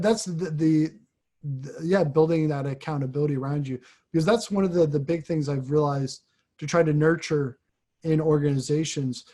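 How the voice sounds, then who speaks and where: A man with a slightly raised pitch speaks thoughtfully and a little haltingly. He is a priest in conversation, often circling back and restarting phrases as he works out his thoughts. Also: darkish tone. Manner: reflective, halting, frequent restarts. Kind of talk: casual conversation.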